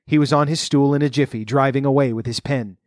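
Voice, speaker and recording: A man narrating a storybook, reading in an expressive, lively way. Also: medium pitch, fast, dry recording, studio quality.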